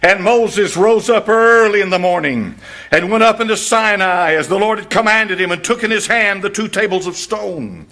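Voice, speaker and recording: A man preaching a fiery sermon, reading scripture softly and then shouting, repeating words for emphasis. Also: high-pitched, normal speed. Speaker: pastor.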